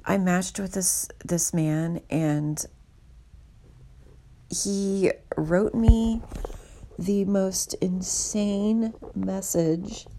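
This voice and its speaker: A woman's voice: medium pitch, steady tone, drawn-out words, dark tone, slight background noise. A woman hosting her own podcast, talking in a candid, rambling and self-deprecating way as a casual monologue. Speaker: podcast host.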